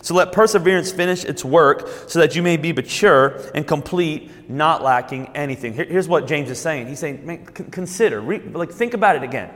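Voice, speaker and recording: Male pastor, preaching a sermon, fairly high voice, repeats words and restarts, slows for emphasis, long hall reverb. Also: expressive, fairly bright tone.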